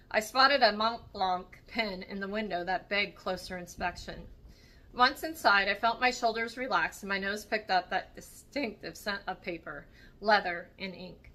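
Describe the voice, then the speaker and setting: A woman reading a novel aloud for her read-along channel, steady with small slips and self-corrections. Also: medium pitch. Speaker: book channel reader.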